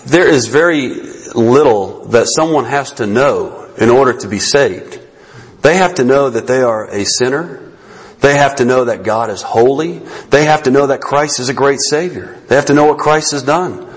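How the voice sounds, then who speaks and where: A man's voice: a little high, husky. A man preaching a sermon, earnest and growing fervent, often restarting his sentences. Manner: earnest, rising to fervent emphasis, many restarts. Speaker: pastor.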